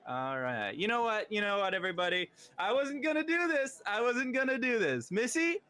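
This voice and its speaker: A man voicing a pompous nobleman who tries to soothe a crowd, drawing out his words in a high voice. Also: very animated, normal speed, pushed and bright, smooth, full character voice. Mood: placating. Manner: pompous, high-pitched, drawn out. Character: pompous nobleman host, smooth and placating.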